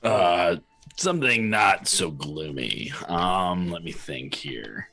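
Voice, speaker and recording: A man playing a tabletop game, hesitant as he thinks aloud. His voice is low and gravelly with a very lively pitch. Faint music plays behind him. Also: slow pace. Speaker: player. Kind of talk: casual tabletop game chat.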